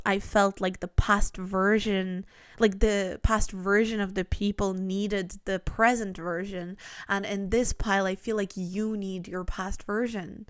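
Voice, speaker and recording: Smooth-voiced woman giving a tarot reading. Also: mid-range voice, no echo, clean studio sound. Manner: earnest, rambling, full of fillers and restarts. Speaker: tarot reader. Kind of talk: pick-a-card tarot reading.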